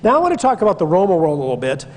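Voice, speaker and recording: A man's voice: sits high, wildly swooping pitch, rapid-fire, in a large hall. A man from Pennsylvania teaching church history in a conversational lecture, digressing and stressing key words. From Pennsylvania, USA. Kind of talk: classroom-style Bible lecture.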